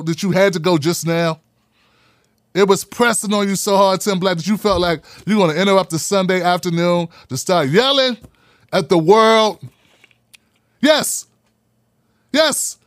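A man hosting a live podcast, talking in an animated, preachy way and repeating phrases for emphasis. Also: sits high, moderate pace, dry recording, clean studio sound. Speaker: podcast host. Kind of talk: live-streamed podcast talk.

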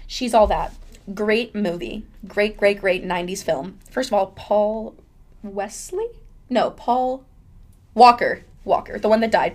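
A woman's voice: mid-range voice, vocal fry, darkish tone. Chatty young woman podcast host. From United States. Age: young adult. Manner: chatty, rambling, full of fillers and laughs. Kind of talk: casual chat.

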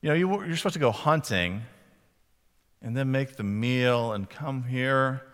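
A man's voice: mid-range voice, lively intonation, unhurried, a bit bright. Man preaching in a reverberant hall. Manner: conversational, reflective, with filler words. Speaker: pastor. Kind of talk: sermon.

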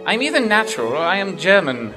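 An actor playing a cheeky, grumbling gentleman in disguise in a game, with faint music behind. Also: sits high, sing-song, quick pace. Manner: grumbling, joking, fake German in spots. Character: hapless, cheeky gentleman posing as a German scientist.

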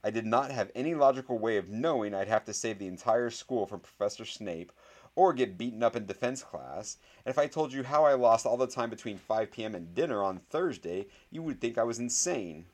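A man's voice: medium pitch, expressive, brisk, voice pushed up, close to an everyday voice. A man voicing an indignant, pompous young schoolboy in a read-aloud story. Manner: exasperated, pompous, wailing. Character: indignant clever young schoolboy, proud and dramatic.

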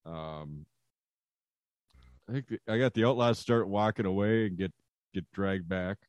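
A man co-hosting a casual podcast chat, relaxed and rambling with lots of fillers. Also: sits low, unhurried, no echo. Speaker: podcast co-host. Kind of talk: casual wrestling review chat.

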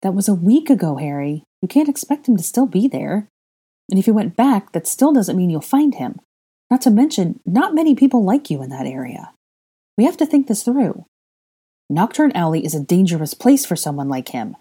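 A woman's voice: lowish voice, animated, fast, dark tone, husky. A woman voicing an earnest, bossy young witch who talks urgently and insistently.

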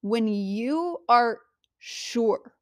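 A woman's voice: fairly high pitch, expressive, extremely slow, no room sound, studio quality. Earnest woman giving spiritual coaching. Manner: earnest, conversational, rhetorical questions. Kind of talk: motivational spiritual teaching.

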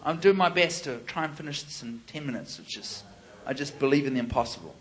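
A man preaching to a live audience, telling stories in an animated way and acting out the voices. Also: mid-range voice, fast talker. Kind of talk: sermon with storytelling.

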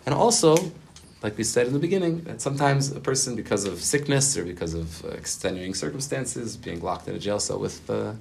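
Brief: low-pitched rabbi, casual rambling Torah storytelling, faint hum behind. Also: male voice, lively intonation, a little fast, vocal fry, a little mellow. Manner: casual, rambling, full of fillers and Hebrew terms. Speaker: rabbi teaching a weekly gathering. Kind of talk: spontaneous Torah talk and storytelling. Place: group gathering in a room.

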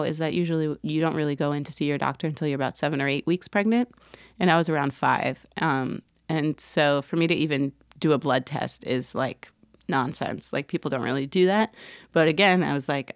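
Lowish-voiced woman telling a personal story. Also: no echo, studio quality. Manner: animated, acts out quoted voices, laughs often. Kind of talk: casual storytelling monologue.

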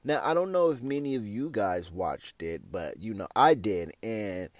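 A man, hosting a casual opinion show, sassy and animated, often calling listeners "honey". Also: fairly low pitch, moderate pace, no echo. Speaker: podcast host.

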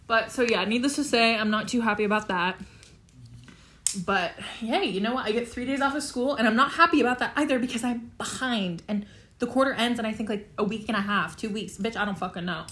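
A woman's voice: on the high side, brisk, a bit bright. A teenage girl hosting a casual solo chat, talking freely with lots of fillers and frequent swearing. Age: teens. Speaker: podcast host.

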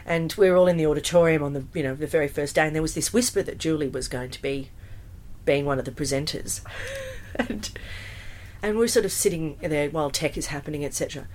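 A woman, a musical theatre performer chatting in an interview, animated and full of fillers and restarts. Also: low-pitched, brisk. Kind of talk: casual interview storytelling.

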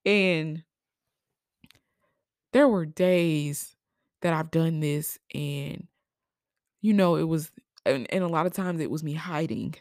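Low-voiced woman, emotional podcast monologue. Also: a little mellow, dry recording, studio quality. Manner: emotional, halting, many fillers. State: crying at times. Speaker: podcast host. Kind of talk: personal reflective monologue.

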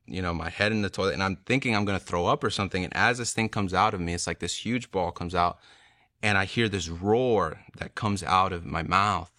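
Deep-voiced young man giving earnest testimony. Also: pushed and bright, no echo, clean studio sound. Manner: earnest, emotional, retells with quoted dialogue. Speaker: testimony speaker. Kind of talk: personal testimony storytelling.

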